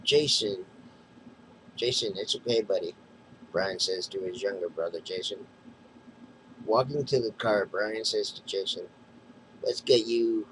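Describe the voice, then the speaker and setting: A man with a somewhat low voice walks through a comic issue, reading narration boxes and speech bubbles aloud. He stumbles and restarts now and then. A faint background hum sits under the recording. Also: a little slow, long pauses, fairly bright tone, poor audio. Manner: recounting panels in plain retelling, with mumbled restarts. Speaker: comic book reviewer.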